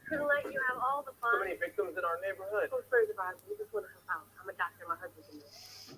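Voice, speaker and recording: A woman's voice: mid-range voice, lively intonation, fast talker, bright, forceful tone, rough recording. An actress playing a friendly suburban woman who is a doctor, heard from a film. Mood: eager. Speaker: film character.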